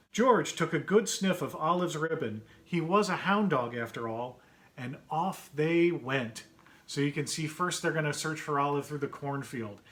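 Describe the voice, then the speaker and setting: A man reads his own picture book aloud to children at story time, chatty and gentle, stopping to point out pictures and ask questions. For the characters' quoted lines he puts on brighter, higher voices.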